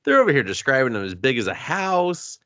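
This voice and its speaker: A man's voice: medium pitch, very animated, brisk, pushed and bright, no room sound. A man co-hosting a movie review podcast, ranting in a sarcastic, profane, casual way. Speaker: podcast co-host.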